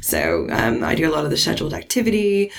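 A woman marketing manager, hoarse from a cold, talking in a chatty interview and laughing often. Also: sits low, wildly swooping pitch, fast talker. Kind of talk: casual interview.

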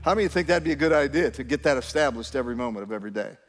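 A man's voice: medium pitch, lively intonation, racing, long reverb tail. A male pastor, preaching in a conversational, emphatic way to his congregation. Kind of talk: sermon. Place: church sanctuary.

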